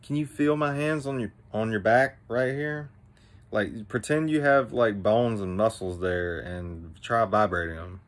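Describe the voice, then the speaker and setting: A man's voice: lowish voice, unhurried, close to an everyday voice. A man doing a bossy young fairy girl. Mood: coaxing. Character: confident young female fairy guide.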